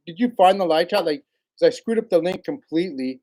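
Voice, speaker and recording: A man's voice: high voice, lively intonation, brisk, a little mellow. A man hosting a casual livestream, rambling in a laid-back way, greeting viewers by name and laughing often. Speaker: livestream host.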